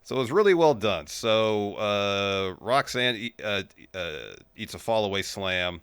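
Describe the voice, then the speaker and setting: Deep bright-toned man recapping. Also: unhurried, clear, resonant tone, dry recording. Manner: steady play-by-play retelling. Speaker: podcast co-host. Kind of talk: casual wrestling recap.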